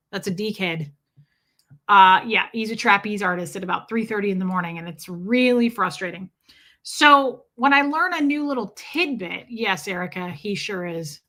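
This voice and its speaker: Bright-voiced chatty woman livestreaming. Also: medium pitch. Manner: chatty, rambling, swears casually, coos at her cat. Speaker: livestream host reading chat. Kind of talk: casual livestream chat. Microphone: streaming setup.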